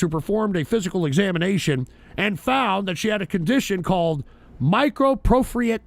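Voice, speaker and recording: A man's voice: high-pitched, creaky, dry recording. A man hosting a live-streamed talk show, reading out odd news stories with brash, profane, mocking commentary. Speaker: political talk show host.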